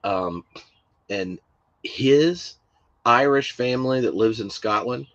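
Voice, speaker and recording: A man's voice: medium pitch, slow pace, fairly bright tone, no room sound, dull audio. A man co-hosting a podcast, chatting casually with many fillers and restarts. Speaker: podcast co-host. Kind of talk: casual chat.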